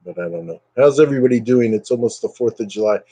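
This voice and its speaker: A man chats casually with his livestream viewers in a warm, mellow voice, slightly fried and low on energy. He rambles from comment to comment. His webcam mic sounds dry and close. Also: expressive, fast talker, breathy edge, no room sound. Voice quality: voice a bit fried. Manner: rambling and chatty, reading out viewer comments, drifting into brief impressions. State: low energy, recovering from illness. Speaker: livestream host chatting with viewers. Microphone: computer webcam mic.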